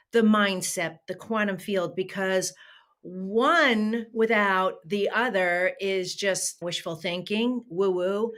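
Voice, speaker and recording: A woman's voice: mid-range voice, a bit bright. Woman podcast guest, a coach, sharing her journey in an earnest, emphatic way. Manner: earnest and emphatic, with shifting pace. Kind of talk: personal storytelling interview.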